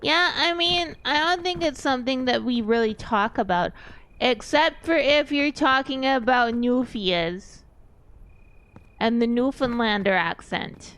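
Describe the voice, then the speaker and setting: A woman from East Texas chats on her stream, drifting from point to point as she thinks aloud. Her voice sits a little high and comes through smooth and clear. She takes her time, with unhurried pauses. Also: fairly bright tone. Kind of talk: casual stream chat.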